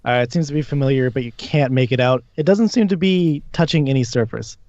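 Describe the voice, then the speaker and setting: A man's voice: medium pitch, brisk, darkish tone, no room sound, muffled recording. A man narrating a tabletop game as game master, casual and laughing often.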